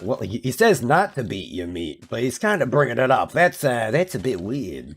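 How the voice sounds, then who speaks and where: A man's voice: medium pitch, sing-song, normal speed, creaky, few pauses, breathy edge. A man streaming a game, chatting casually in a rambling, self-mocking way with playful voice bits. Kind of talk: casual chat while playing a game.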